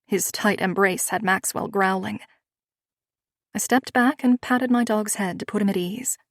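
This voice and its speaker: This woman narrates a romance audiobook in the first person, reading in a measured, expressive way. Her pitch is medium, and the recording is dry with studio quality.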